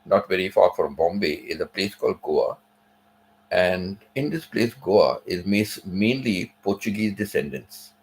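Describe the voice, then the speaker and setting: Low gravelly man chatting casually. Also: a little slow, poor audio. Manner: rambling, digressive, frequent "you know" and "right?". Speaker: channel host. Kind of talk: casual monologue.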